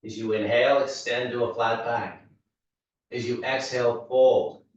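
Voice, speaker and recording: Male fitness instructor, steady easygoing cues, mid pitch, distant dull room recording. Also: measured pace, heavy reverb. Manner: steady cueing, easygoing asides. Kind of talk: guided mobility class cueing. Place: large echoey fitness studio.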